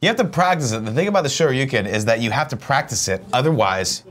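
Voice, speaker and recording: A young man riffing as he co-hosts a watch-along. His pitch swings up and down as he jokes. He keeps breaking into silly put-on voices, loose and casual. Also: fast talker. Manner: jokey and animated, slips into put-on voices. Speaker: co-host. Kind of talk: casual chat during a movie watch-along.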